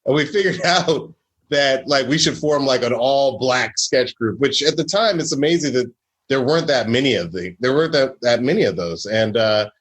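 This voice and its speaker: A man in his forties from Georgia in the American South, a comedy writer telling animated, self-deprecating stories in a casual podcast conversation. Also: mid-range voice, moderate pace, breathy edge.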